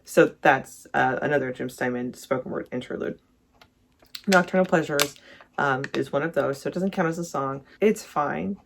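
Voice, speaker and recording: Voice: medium pitch, normal speed, creaky, noisy background. A vlogger ranking songs in casual, rambling commentary, correcting themselves often and gushing about favorites. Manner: rambling, self-correcting, enthusiastic. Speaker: music reviewer vlogger.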